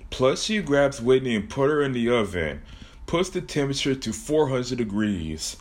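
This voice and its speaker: A man's voice: medium pitch, sing-song, moderate pace. A man telling a comic horror story with jokey asides about his own plot.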